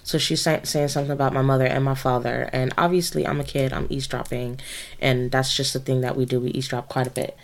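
A woman's voice: rumbling low, little pitch movement, fast. Woman cohosting a podcast, loose rambly storytelling, um and like everywhere. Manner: rambling, filler-heavy storytelling. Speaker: podcast co-host. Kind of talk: casual chat.

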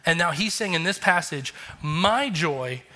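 Bright-voiced preaching man, reverberant hall. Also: fairly high pitch, animated, unhurried. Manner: earnest, conversational, emphatic preaching. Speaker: pastor. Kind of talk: sermon.

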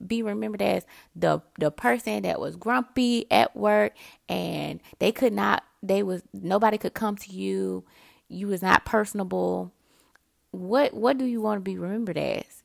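A woman's voice: medium pitch, gravelly, no echo, studio quality. A woman hosting a podcast, talking casually and motivationally to her listeners, addressing them as y'all. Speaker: podcast host. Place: indoors, early morning.

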